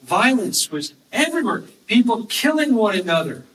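A man preaching a sermon, earnestly explaining scripture and reading verses slowly and with emphasis. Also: high voice, sing-song, fairly bright tone. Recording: distant mic with faint background noise.

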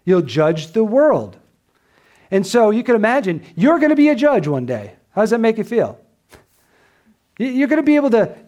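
A man's voice: extremely high pitch, darkish tone. A pastor preaching an expository sermon, reading scripture and pressing his points with rhetorical questions.

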